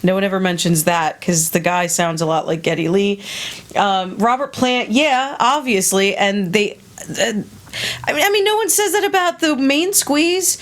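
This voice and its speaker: Woman, interview guest, opinionated and blunt, swears freely, casual talk. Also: moderate pace. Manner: blunt, swearing, animated with sudden high quoted voices. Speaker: interviewed musician.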